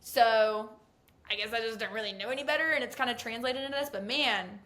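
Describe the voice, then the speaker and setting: A young adult woman, a racing pit reporter, telling stories excitedly in a casual podcast chat. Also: on the high side. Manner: excitable, fast-talking storyteller.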